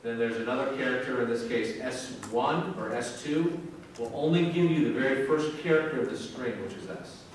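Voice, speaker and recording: A man's voice: medium pitch, normal speed. A male university professor giving a classroom lecture to students in a casual, joking manner. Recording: echoey hall from far off with faint noise.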